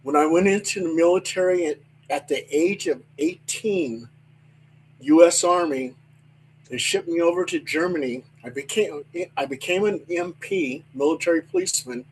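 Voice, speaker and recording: An older man telling stories from his working life in a casual chat, animated and swearing freely. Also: fairly high pitch, moderate pace, a little hiss or hum, poor audio. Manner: animated storyteller, swears freely, acts out voices.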